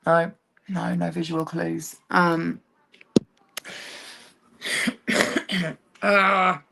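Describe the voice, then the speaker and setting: A woman's voice: lowish voice, moderate pace, vocal fry, fairly bright tone. A woman livestreaming a rambling personal monologue, sardonic and swearing freely as she jumps between topics.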